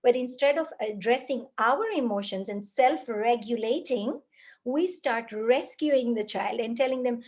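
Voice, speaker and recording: Earnest woman lecturing, slightly high voice. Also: a little slow, a little mellow. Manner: earnest, lists things in repeated phrases. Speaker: parenting speaker. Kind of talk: spoken lecture.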